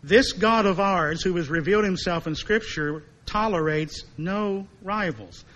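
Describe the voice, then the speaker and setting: High, bright-voiced male preacher. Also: muffled recording. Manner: emphatic, repeats key points slowly. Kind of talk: sermon.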